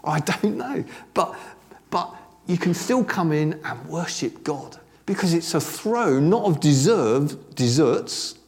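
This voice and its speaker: A man preaching a sermon in a conversational, animated way, dropping joking asides to a congregation that answers back. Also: fairly high pitch, takes it slowly, vocal fry. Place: church service with congregation responding.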